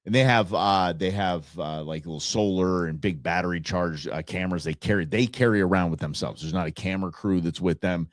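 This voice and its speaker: Rambling, excitable male podcast host. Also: sits low, a little fast, hardly any pauses, no echo, studio quality. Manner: rambling, enthusiastic, self-interrupting. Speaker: show host. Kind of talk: casual solo podcast talk.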